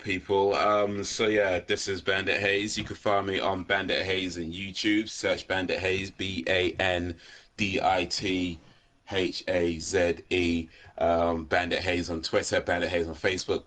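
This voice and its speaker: Sleepy deep-voiced guest. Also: male voice, fairly bright tone. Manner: laid-back, many "um" and "uh". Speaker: podcast guest, video creator. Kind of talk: casual podcast chat.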